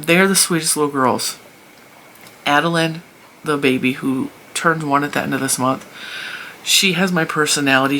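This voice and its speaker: A woman's voice: deep voice, bright, forceful tone. A woman in her forties chatting casually to camera as host of a crochet channel, talking freely and laughing often between thoughts, recorded on a phone set up in front of her. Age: 40s. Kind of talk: casual vlog chat. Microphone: phone mounted in front of her.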